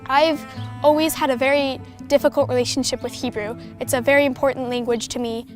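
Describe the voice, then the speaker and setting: A young woman with a high, light voice delivers spoken-word poetry and quiet reflection. Her manner is earnest and measured. Music plays clearly underneath the whole time. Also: steady tone. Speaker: youth poet laureate.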